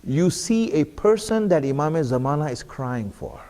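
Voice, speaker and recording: A man's voice: a little high, sing-song, moderate pace, mellow. A man giving an earnest sermon at a mosque, putting repeated questions to the congregation. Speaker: speaker at an Islamic center. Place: mosque hall. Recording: long hall reverb.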